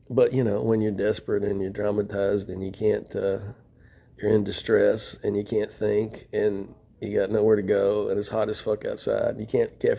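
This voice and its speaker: A man's voice: lowish voice, vocal fry, warm tone. A middle-aged man talking in a rambling, casual monologue from a shelter floor, venting with profanity and wry laughs. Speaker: vlogger. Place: shelter room, sitting on floor.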